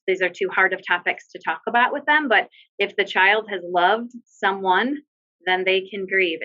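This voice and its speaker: A woman's voice: mid-range voice, bright, forceful tone, highs cut off. A woman working as a bereavement social worker, giving earnest, direct advice with frequent fillers on a video call. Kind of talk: webinar discussion, giving advice.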